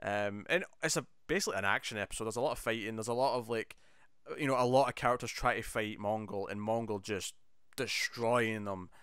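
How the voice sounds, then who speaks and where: A man talks through an episode with his co-host in lively, animated bursts, jumping into little acted-out lines along the way. His voice comes through smooth and clean on a close, dry mic with almost no room sound. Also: on the low side, brisk, no room sound. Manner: animated, enthusiastic, quotes scenes in bursts. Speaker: podcast co-host. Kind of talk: casual chat.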